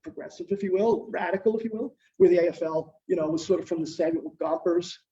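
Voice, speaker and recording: Older male lecturer, mellow tone, talking off the cuff with lots of "uh"s, a little far from the mic. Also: high voice, quick pace, slight background noise. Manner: lively storyteller, many fillers and restarts. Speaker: guest lecturer, historian and journalist. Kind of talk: informal history lecture. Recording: distant, muffled lo-fi sound.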